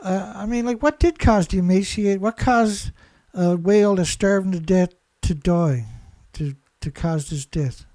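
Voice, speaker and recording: A man's voice: high-pitched, unhurried, few pauses, dark tone, dry recording. A man commentating alone in a sarcastic, mocking way, firing off rhetorical questions, laughing and leaning hard on key words. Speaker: environmental commentator.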